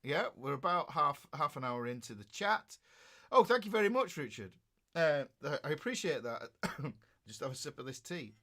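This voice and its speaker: Guy rambling thru viewer comments on a livestream, kinda high bright voice. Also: sing-song, normal speed. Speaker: guitar teacher. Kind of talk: casual livestream chat.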